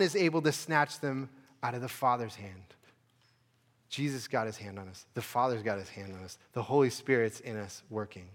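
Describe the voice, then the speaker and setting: A pastor delivering a sermon in a casual, conversational way, with restarts and rising emphatic stretches. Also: male voice, mid-range voice, normal speed, big-room sound. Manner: conversational preaching with restarts, building to emphatic peaks.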